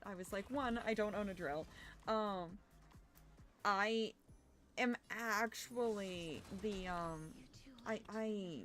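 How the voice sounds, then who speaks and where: A young adult woman streamer chatting casually while gaming, rambling with fillers and sounding a little hoarse as her voice recovers. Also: medium pitch. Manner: animated greetings to chat. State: slightly hoarse from overuse, recovering.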